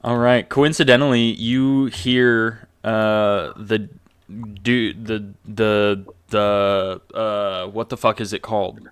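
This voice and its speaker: A man's voice: on the low side, little pitch movement, slow pace, smooth, no echo. A man narrating as game master of a tabletop game, casual and swearing, laughing at his own jokes.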